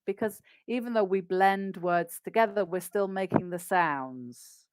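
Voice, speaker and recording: A woman's voice: medium pitch, moderate pace, smooth, no room sound. A woman with an English RP accent, a business English coach, explaining practical tips in an upbeat conversational interview.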